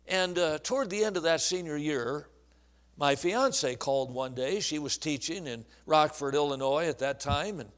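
A man in his sixties, an evangelist, telling a personal story in a folksy, earnest way, with restarts and hushed asides. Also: a little high. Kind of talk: storytelling sermon.

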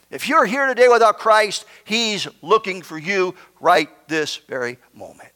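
High-voiced preacher in an echoing hall. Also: male voice, animated, normal speed. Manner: preachy, rising to emphatic shouts then dropping to near whispers. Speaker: pastor. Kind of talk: sermon. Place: church sanctuary.

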